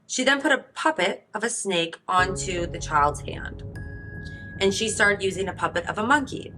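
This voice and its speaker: A woman's voice: medium pitch, lively intonation, normal speed, over music, low-quality recording. A woman podcast host narrating a court case in a casual, conversational way, reading from transcripts.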